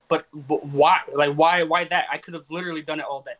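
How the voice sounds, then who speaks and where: A man's voice: fairly high pitch, fairly even intonation, fast, hardly any pauses, pushed and bright. A young man hosting a casual podcast chat, rambling and questioning himself with many restarts. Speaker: podcast host and comedian.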